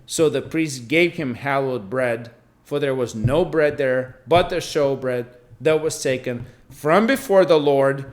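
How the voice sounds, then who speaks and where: A man's voice: medium pitch, measured pace. A man reading Bible verses aloud and then explaining them in a casual teaching manner, often checking in with "right?".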